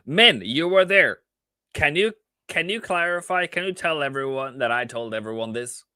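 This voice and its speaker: A man trader on a live stream, chatting casually about his trades with animated repeats, asides and laughs. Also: mid-range voice, normal speed, smooth, no room sound.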